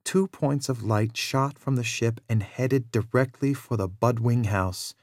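A man narrating a children's adventure story in a measured, expressive read-aloud style, with a very dry sound. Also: medium pitch, dry recording.

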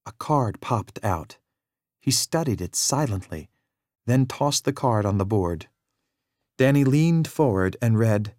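A man narrating a children's adventure story in a measured, expressive read-aloud style, with a very dry sound. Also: lowish voice, no echo.

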